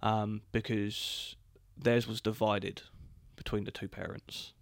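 Young man, guest, relaxed casual chat, gravelly voice, dry room. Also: lowish voice, slow, dry recording. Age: young adult. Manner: relaxed, uses fillers like um and you know. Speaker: guest, host's son.

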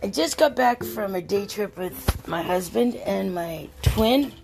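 A woman's voice: medium pitch, lively intonation, measured pace, gravelly, background noise. An older woman hosting a casual podcast monologue, telling a rambling, chatty story while tired and worn out. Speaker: podcast host.

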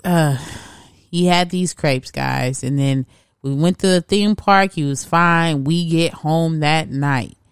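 A woman's voice: low-pitched, slow pace, clear, resonant tone, dry recording, studio quality. A woman co-hosting a podcast in laid-back, chatty casual conversation. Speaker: podcast co-host. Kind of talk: casual chat.

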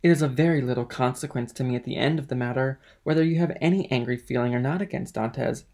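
A man's voice: mid-range voice, fast, dark tone, close to an everyday voice. Male reader as a jealous young man, urgent and bitter, storybook reading. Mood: bitter urgency. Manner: urgent, impatient.

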